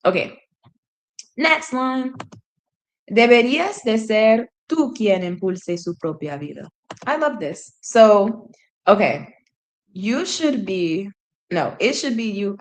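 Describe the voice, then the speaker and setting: A woman's voice: medium pitch, expressive, a little slow. Woman streamer working through a book translation on air, musing and self-correcting. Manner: thinking aloud, self-correcting. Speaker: language learner streamer. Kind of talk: reading aloud and translating.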